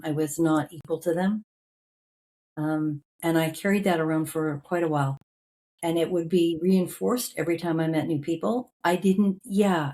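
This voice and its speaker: A woman tells a family story on a podcast with lively energy. She acts out the voices of her relatives as she goes. Her voice sits a little low for a woman. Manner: animated anecdote telling, acting out family members' lines. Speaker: podcast guest. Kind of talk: storytelling in an interview.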